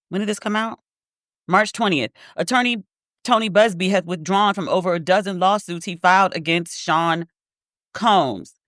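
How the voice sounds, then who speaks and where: This podcast host is a woman with a mid-range, slightly bright voice, recorded in studio quality with no room sound. She delivers blunt, profane casual commentary, repeating words for emphasis and reading statements aloud.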